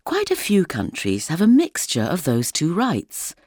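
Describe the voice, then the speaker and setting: A woman with a low, husky voice reads vocabulary aloud very slowly, pausing after each word. Her pitch swings widely from word to word, and the recording is dry and close. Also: wildly swooping pitch, a little mellow, no room sound. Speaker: language teacher. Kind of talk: slow vocabulary drill.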